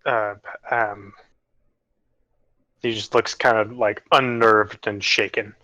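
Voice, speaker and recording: A man's voice: on the low side, flat delivery, takes it slowly, bright, forceful tone, no echo, low-quality recording. A man running a tabletop game as game master, talking casually with lots of fillers and hesitations.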